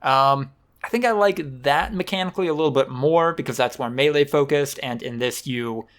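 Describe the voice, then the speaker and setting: A man's voice: medium pitch, normal speed, smooth. Rambling male podcast co-host. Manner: rambling, hedging with fillers. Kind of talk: casual chat.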